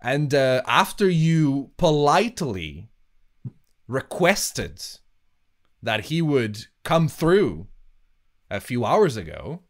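Lively, playful male podcast host. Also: mid-range voice, slow, long pauses. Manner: playful, teasing interviewer. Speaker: podcast host and wrestling trainer. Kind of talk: casual podcast chat.

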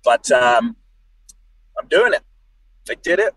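A man's voice: mid-range voice, slow pace, no echo, poor audio. A man, a wrestler chatting as a guest and telling jokey stories. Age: late 20s. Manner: animated, jokey storyteller. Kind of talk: casual podcast chat.

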